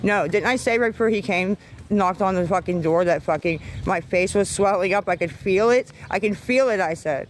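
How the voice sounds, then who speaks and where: A woman's voice: mid-range voice, moderate pace, a little hiss or hum, low-quality recording. A woman livestreaming on her phone, ranting in an agitated, profane way and rambling between topics. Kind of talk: rambling live-stream talk.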